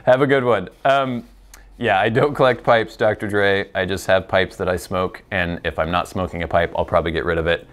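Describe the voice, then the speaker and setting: Rambling, easygoing low-voiced man host. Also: steady tone, fairly quick, fairly bright tone. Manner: rambling and self-deprecating, with many fillers. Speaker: host of a pipe-smoking show. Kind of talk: casual chat answering viewer questions.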